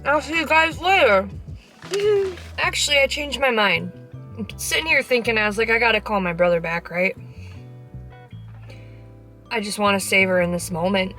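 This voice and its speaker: A young woman chats straight into her phone camera from a parked car, frank, cheeky and full of slang and the odd swear word. Her voice sits in an ordinary middle pitch, and she keeps talking through mouthfuls of food. Faint music plays in the background. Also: moderate pace, pauses often, sharp tone. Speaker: vlogger. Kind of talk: casual vlog chat.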